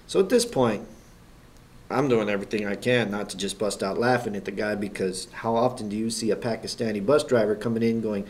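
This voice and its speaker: A man's voice: lowish voice, brisk. A man, a schoolteacher, telling a story in a wry manner with dry asides. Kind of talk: anecdotal storytelling.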